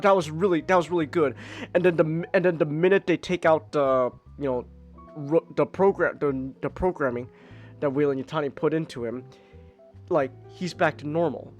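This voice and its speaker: A man with a somewhat high voice hosts a live podcast and chats about a film in a loose, rambling way, often restarting his sentences. Faint music plays behind him. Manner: rambling, many restarts and fillers. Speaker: podcast host. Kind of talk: casual movie review chat.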